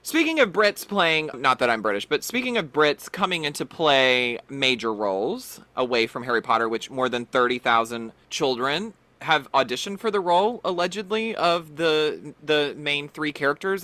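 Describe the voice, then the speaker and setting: A man's voice: medium pitch, sharp tone, no room sound. A man hosting a podcast, chatting playfully and animatedly about pop culture. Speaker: podcast host. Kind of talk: casual pop-culture chat.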